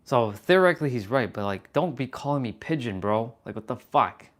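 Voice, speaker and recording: A man hosting a livestream, talking casually and telling an animated story, swearing freely. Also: mid-range voice, fairly quick, slight background noise. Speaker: livestream host.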